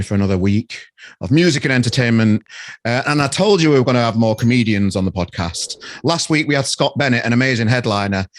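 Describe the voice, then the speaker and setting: A man with a Northern English accent hosting a podcast interview over a video call from his bedroom, relaxed and matey. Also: mid-range voice, no room sound, clean studio sound. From Sheffield, England. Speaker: podcast host.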